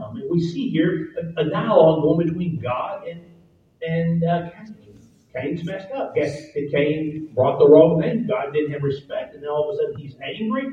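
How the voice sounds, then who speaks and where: Emphatic male preacher, slightly high voice, muffled and distant. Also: expressive, moderate pace. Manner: emphatic, rising to loud repeated points. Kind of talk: sermon. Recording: echoey, distant, dull sound.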